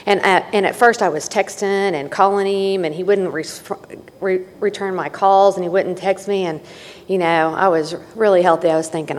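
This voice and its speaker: A woman's voice: lowish voice, fairly even intonation, normal speed, slight background noise. A middle-aged woman telling her personal story at a recovery meeting, candid and folksy with wry asides. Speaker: speaker sharing at a recovery meeting. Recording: long hall reverb.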